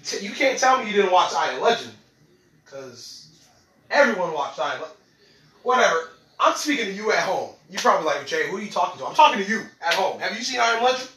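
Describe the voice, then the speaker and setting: Slangy young man with a high, lively voice. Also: quick pace, slight background noise. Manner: slangy, rambling, laughs often. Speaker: podcast host. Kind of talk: casual solo podcast rant. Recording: echoey room, away from the mic.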